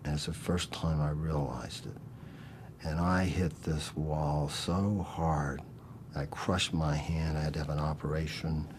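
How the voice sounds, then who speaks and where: Older man with a very deep, halting voice. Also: steady tone, noisy background. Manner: halting, then blunt emphatic statements. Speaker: interviewee. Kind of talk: documentary interview recollection.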